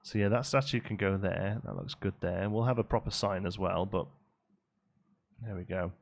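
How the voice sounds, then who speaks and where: A man's voice: sits low, normal speed, vocal fry. A man chatting casually on a live game stream, reading and answering chat as he builds.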